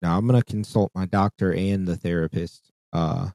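A man's voice: low voice, steady tone, moderate pace, vocal fry, dark tone, no room sound, clean studio sound. A man co-hosting a casual podcast chat, talking in a profane, rambling way with frequent restarts. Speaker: podcast co-host.

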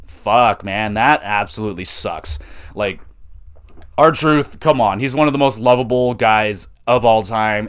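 A man hosting a podcast, recapping wrestling shows in a casual, excitable way and swearing freely. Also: fairly low pitch, clear, resonant tone. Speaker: podcast host.

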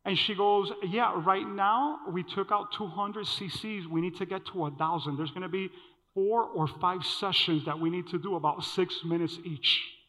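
A man preaching a sermon, telling a personal story in an animated way and acting out the dialogue. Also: high voice, normal speed. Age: adult. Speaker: pastor. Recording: dull sound with long hall reverb.

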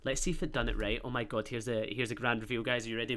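A Glaswegian man chats away on his podcast in a bright, forward voice. He rambles, swears freely and pokes fun at himself. His pitch sits in an ordinary middle range for a man. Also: flat delivery, rapid-fire, hardly any pauses, slight background noise. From Scotland. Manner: rambling, sweary, self-mocking banter. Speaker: podcast host. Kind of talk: casual solo podcast chat.

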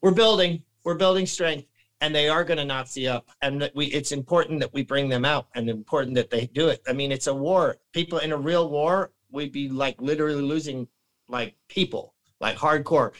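A man talking as a guest on a casual podcast, rambling and animated, restarting sentences and clearing his throat. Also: on the high side, normal speed, low-quality recording.

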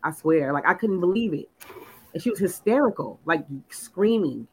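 Woman, casual spiritual chat, animated storyteller, filler-heavy, lively pitch. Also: moderate pace, slightly rough, rough recording. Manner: animated storyteller, lots of "like", acts out quotes. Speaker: podcast co-host.

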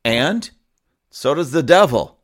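A man's voice: fairly high pitch, animated, slow pace. Fiery, emphatic male pastor. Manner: fiery and emphatic, mocking with frequent chuckles. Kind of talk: sermon.

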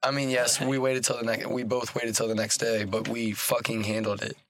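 A man's voice: medium pitch, level tone, a little fast, no room sound. A man hosting a podcast in casual chat, blunt, repeating words and swearing freely.

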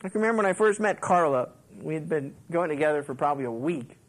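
A male pastor with a fairly high voice talks fast while preaching on a book of the Bible, and the recording is low quality. He's conversational, leans on "you know," and animatedly acts out quotes in his stories, laughing along.

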